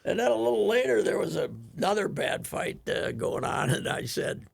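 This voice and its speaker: Older man, gravelly, husky, rambling, chuckling, casual radio chat. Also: high voice, very animated, normal speed. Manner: rambling storyteller, chuckling, many restarts. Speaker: radio show regular.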